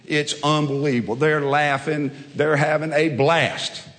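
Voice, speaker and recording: A man's voice: a little high, fairly even intonation, measured pace, fairly bright tone, long reverb tail. A man who coaches football, preaching a sermon with folksy storytelling and emphatic repetition.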